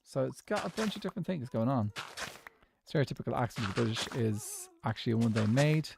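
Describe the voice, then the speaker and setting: A man's voice: medium pitch, lively intonation, a little fast, creaky, noisy background. A man chatting casually and rambling through his opinions while streaming a game. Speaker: gaming streamer. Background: background music.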